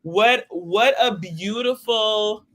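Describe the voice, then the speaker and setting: A woman's voice: mid-range voice, very slow. A woman from Houston, Texas, a guest violinist chatting in an interview, effusive and emphatic, repeating phrases like a preacher. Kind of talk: casual interview chat.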